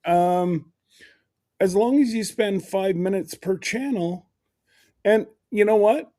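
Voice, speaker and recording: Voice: medium pitch, slow, dark tone. A livestream host chatting casually, rambling and laughing often while greeting viewers by name.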